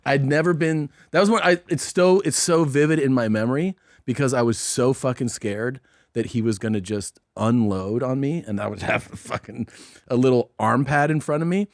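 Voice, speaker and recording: A man from Minnesota co-hosting a podcast, telling a childhood story in an excitable, laughing, profane way. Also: moderate pace, no echo, clean studio sound. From Minnesota, USA. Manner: excitable, laughs often, jumps high in pitch when amused. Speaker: podcast co-host. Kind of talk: casual comedic storytelling.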